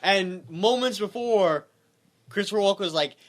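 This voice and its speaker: Lively, high-voiced man cracking jokes. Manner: quick interjections, jokey asides. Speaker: podcast co-host. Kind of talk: casual movie recap chat.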